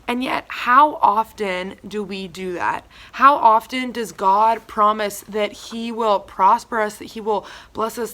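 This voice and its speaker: A young woman giving a casual church devotional, reading scripture and then talking it through in a chatty way full of fillers. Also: a little high. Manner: chatty, filler-heavy, animated retellings.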